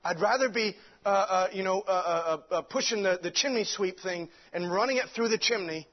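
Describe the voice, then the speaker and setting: A man's voice: sits high, brisk. A man preaching a sermon with fervent delivery, stumbling over restarts and many fillers. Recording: dull lo-fi recording.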